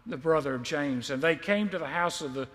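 High-voiced preacher in an echoey hall. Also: male voice, brisk. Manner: emphatic, swells loud on key lines, then drops quiet and confiding. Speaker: pastor. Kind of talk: sermon, reading scripture with commentary.

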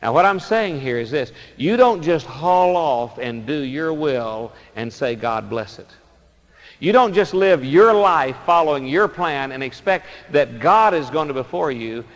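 A man preaches a sermon, telling stories with drama and shifting between loud emphasis and quiet asides. His voice sits a little high, and the sound suggests a big room.

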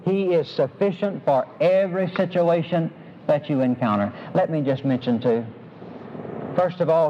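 A man preaching a sermon, emphatic, slowing down and stressing his key phrases. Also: fairly high pitch, animated. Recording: dull lo-fi sermon recording with faint hiss.

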